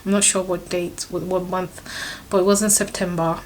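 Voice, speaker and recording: A woman's voice: on the low side, level tone, normal speed, a little mellow, slight background noise. A young woman vlogger telling a personal story to camera, emotional and laughing often, restarting her sentences as she goes. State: pregnant, third trimester.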